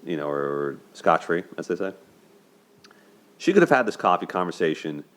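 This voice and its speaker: Deep-voiced man breaking down a movie. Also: lively intonation, moderate pace, a bit bright. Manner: chatty, asks "right?" often, laughs a lot. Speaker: host of a dating and movie commentary show. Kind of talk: casual spoken movie breakdown.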